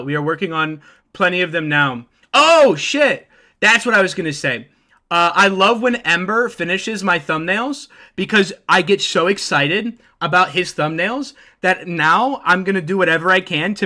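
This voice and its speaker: Excitable, profane male streamer with a bright voice. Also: a little high. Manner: profane, excitable, thanks followers by name. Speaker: live streamer. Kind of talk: casual live-stream chat with viewers.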